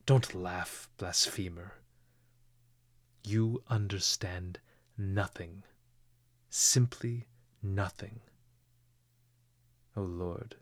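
A man voicing a devout, frightened young woman who pleads in urgent, hushed tones. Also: sits low, no room sound, heavily acted.

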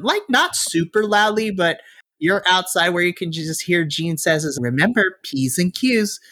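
A man's voice: sits high, sharp tone, dry recording, clean studio sound. A man narrating as game master, chatty, with frequent laughs and filler words.

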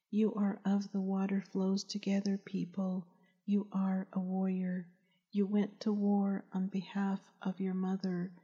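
A woman's voice: mid-range voice, warm tone, big-room sound, lightly acted. A woman reading as a tearful grandmother. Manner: tender, tearful ceremonial greeting. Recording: dull lo-fi recording.

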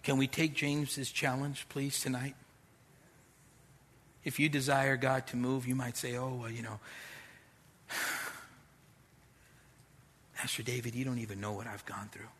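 A man's voice: medium pitch, level tone, unhurried, pauses often, a bit bright, slight background noise. A middle-aged man preaching a sermon as pastor, direct and conversational, with street slang.

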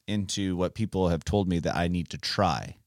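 A man's voice: low voice, normal speed, no room sound, clean studio sound. A man hosting a casual Bible podcast for children, talking in a playful, teacherly way. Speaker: podcast host.

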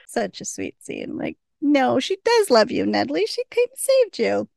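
A woman's voice: fairly high pitch, wildly swooping pitch, normal speed, vocal fry, hardly any pauses, darkish tone, no room sound, studio quality. A woman hosting a podcast, casually recapping a TV episode, laughing often and acting out the lines. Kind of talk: casual chat.

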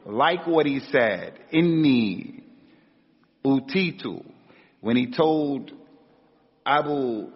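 An American man, a religious teacher, gives an Islamic lecture in a husky, mid-range voice, drawing out words and leaving long pauses. He is animated and emphatic, repeating key words and rising sharply on rhetorical questions, recorded in a dull, echoey hall.

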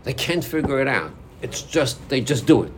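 A man's voice: mid-range voice, sing-song, normal speed, a little hiss or hum. A man teaching an informal Torah class, acting out inner voices and dialogues as he explains.

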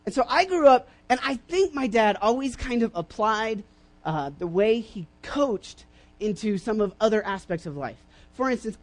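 A young male preacher with a high voice delivers a casual sermon in a church. He rambles through personal stories with many restarts and fillers, now and then bursting into loud acted-out voices.

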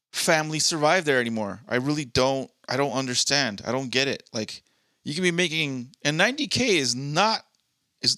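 Brief: male podcast co-host, bright tense tone, dry close sound, loose and profane. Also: on the high side, no echo. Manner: reads listener posts aloud, swears freely. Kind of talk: casual chat.

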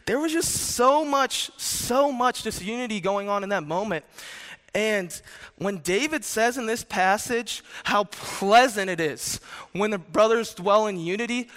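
Young man, casual sermon, joking storyteller, smooth clear voice, bright tone. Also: sits high. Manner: chatty, joking, fillers. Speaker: youth speaker. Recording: reverberant hall.

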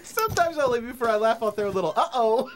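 A man telling a funny story on a comedy podcast, giggling and animated. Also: very high voice, racing, a little hiss or hum. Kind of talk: casual storytelling.

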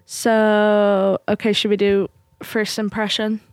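A woman's voice: mid-range voice, little pitch movement, slow, darkish tone, no echo, studio quality. A young woman hosting a radio music show, chatting casually and rambling with lots of fillers.

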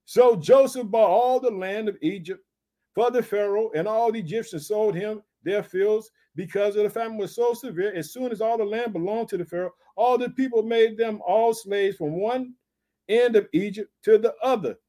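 High-voiced emphatic preacher man. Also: normal speed, mellow. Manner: emphatic, repeats "did you hear that?". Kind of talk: sermon with Bible reading.

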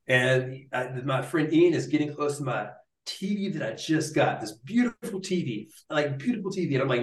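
A man's voice: fairly high pitch, normal speed. Young guy, neuroscientist, rambling story full of likes and dudes, echoey room. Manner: animated, slangy, lots of likes and dudes. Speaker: neuroscientist guest. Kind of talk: casual storytelling in a podcast interview. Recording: roomy echo.

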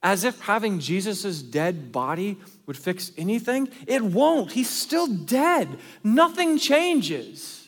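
A man preaching a sermon as pastor, earnest, shifting between loud emphasis and hushed asides. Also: high-pitched, very animated, takes it slowly, few pauses. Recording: long reverb of a large hall.

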